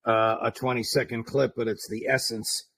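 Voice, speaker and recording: A man hosting an interview, calmly introducing a clip. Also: mid-range voice, moderate pace. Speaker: host.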